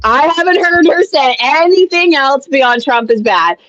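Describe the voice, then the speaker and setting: A woman's voice: high-pitched, lively intonation, unhurried, a bit bright, no echo. Emphatic woman host, dull dry sound. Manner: emphatic, running the show. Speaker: podcast host. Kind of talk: casual chat.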